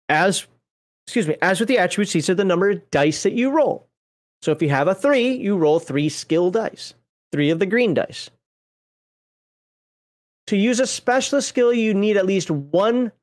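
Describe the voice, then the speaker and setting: A game master talks through a game's rules in an easygoing livestream chat. The delivery wanders, doubles back to fix details and drops offhand jokes along the way. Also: mid-range voice. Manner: rambling, self-correcting, conversational; folksy, jokey asides. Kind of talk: casual livestream rules walkthrough.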